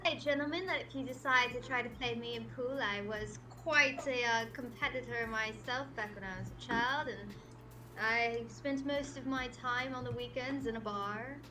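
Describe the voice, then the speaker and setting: A woman in a casual chat, cracking playful deadpan jokes. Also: on the high side, moderate pace.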